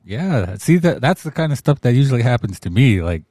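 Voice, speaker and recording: A man's voice: mid-range voice, big pitch swings, fairly quick, mellow, no echo, clean studio sound. A man chatting on a casual podcast, joking and laughing along with the others.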